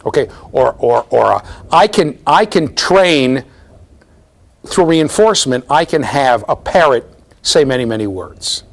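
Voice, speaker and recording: A middle-aged man giving a university lecture, animated and storytelling, often checking in with the class. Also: medium pitch, measured pace, gravelly. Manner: animated storytelling, mimics voices, asks the class "right?". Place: lecture hall.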